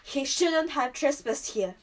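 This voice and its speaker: Woman reading as a stern male beast, castle master: loud, gruff and commanding, in a fairly high storybook voice. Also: animated, slow, distant mic, slight background noise.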